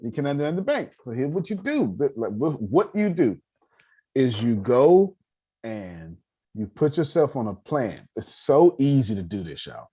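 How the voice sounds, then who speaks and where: Hosting an online meeting about personal finance, this man talks at normal speed in a slightly rough, medium-pitched voice. He teaches casually and animatedly, cracking jokes, calling on listeners and often restarting sentences.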